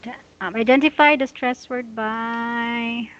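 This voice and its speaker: A woman teaching English pronunciation, explaining slowly and repeating her instructions patiently. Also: on the high side, steady tone, fairly bright tone, muffled recording. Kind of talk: giving a pronunciation lesson.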